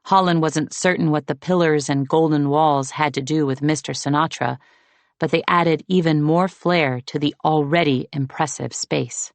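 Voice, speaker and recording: The voice is a woman's, low and on a dry recording, narrating an audiobook script in a measured, even storytelling tone.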